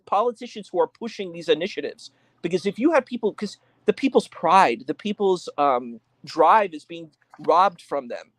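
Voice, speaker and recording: A man with a slightly raised pitch talks earnestly through his position, laying out his points at length. The sound is dry and close. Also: expressive, normal speed, dry recording. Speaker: guest. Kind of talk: casual debate chat.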